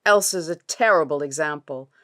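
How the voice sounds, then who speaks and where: A woman's voice: deep voice, moderate pace, fairly bright tone. A woman voicing a proud Viking mother, smug and easily scandalised.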